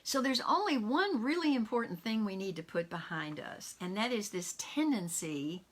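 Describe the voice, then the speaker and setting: A woman minister preaches an online sermon in a relaxed, conversational way. She weaves quotations into her talk and laughs softly from time to time, with her voice sitting at an ordinary middle pitch. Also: moderate pace. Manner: warm conversational preaching with quotes and soft laughs.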